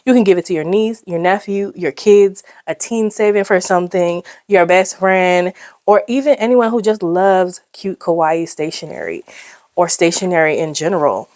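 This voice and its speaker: A woman's voice: fairly low pitch, normal speed, soft background music. A woman in a casual vlog, chatty and gushing, reviewing a savings book and calling her viewers y'all and babes. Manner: gushing, excitable, squeals over cute pictures. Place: indoors at home.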